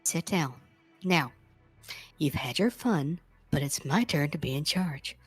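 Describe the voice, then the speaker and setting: A woman putting on a soft commanding voice for a whispered role-play as a bossy woman in charge. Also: low voice, animated, unhurried, slightly rough, soft background music, full character voice.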